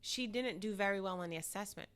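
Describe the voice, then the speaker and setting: A woman's voice: mid-range voice, fast talker, fairly bright tone. A woman hosting a podcast in casual conversation, emphatic and encouraging, with frequent affirming murmurs. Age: adult teacher, several years since first teaching. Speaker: podcast host.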